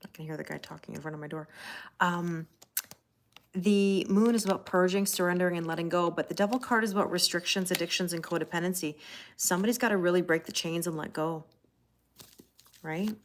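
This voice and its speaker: A Canadian woman with a Canadian accent gives a casual tarot reading on a live stream, answering viewer comments as she goes. Her voice is fairly low in pitch and a little fast, and she's chatty and laughs often.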